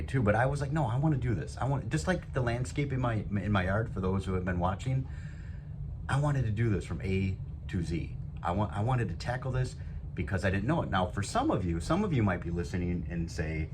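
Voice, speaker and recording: A man's voice: fairly low pitch, big pitch swings, fairly quick. A man hosting his own motivational talk show, upbeat and rambling, poking fun at himself. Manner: upbeat, rambling, self-joking. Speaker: show host. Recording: noisy background.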